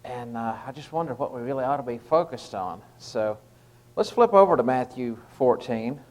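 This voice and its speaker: A man gives a relaxed, informal devotional, talking through scripture in an everyday tone. He pauses often, restarting phrases and filling gaps with "uh". His voice sits at an ordinary middle pitch. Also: rough recording. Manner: conversational, with frequent fillers and restarts. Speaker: lay preacher giving a short devotional.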